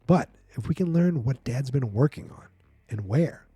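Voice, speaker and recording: A protective teenage girl, played by a man, talks to her brother firmly and bossily. The tone is dark and mellow, recorded dry. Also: medium pitch, animated, moderate pace, breathy edge, dry recording.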